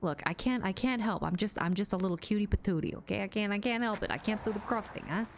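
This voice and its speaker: Speaking fast with vocal fry at a medium pitch, a woman plays a game on a live stream and banters with chat. She's playful and laughs a lot, with slight noise in the background.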